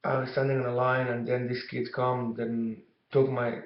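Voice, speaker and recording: A young man tells a story from his childhood in a flat, level voice. He rambles and restarts, filling gaps with "you know". The recording is dull and roomy, with a noticeable echo. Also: medium pitch, moderate pace. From Egypt. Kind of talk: casual storytelling to camera. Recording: dull, echoey room recording.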